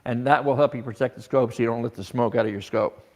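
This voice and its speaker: A man's voice: medium pitch, quick pace, a little mellow. A man teaching an automotive technical seminar, explaining scope patterns with rhetorical questions and frequent restarts.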